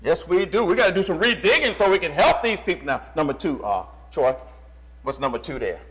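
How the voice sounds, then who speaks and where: A male preacher delivers a lively sermon in a high, sweeping voice. He calls out to his congregation and repeats phrases for emphasis. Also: fairly quick, poor audio. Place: church.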